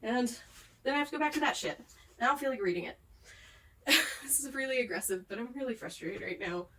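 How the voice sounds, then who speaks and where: A woman's voice: a little high, animated, fast, fairly bright tone, distant mic. A young woman ranting in a book vlog at home, rambling and swearing, worn out after a day of crying. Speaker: book vlogger. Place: home, with pets nearby.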